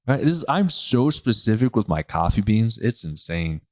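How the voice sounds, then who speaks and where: A man hosting a solo health podcast, animated and joking, often laughing and acting out other people. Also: on the low side, normal speed. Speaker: podcast host, health practitioner.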